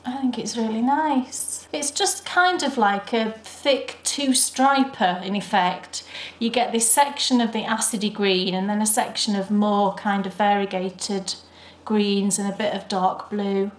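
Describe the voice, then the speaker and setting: A British woman co-hosting a knitting podcast, chatting and gushing warmly over her projects. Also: mid-range voice, steady tone, a little slow. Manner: chatty and enthusiastic, gushing praise. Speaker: podcast co-host. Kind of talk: casual chat. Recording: roomy echo.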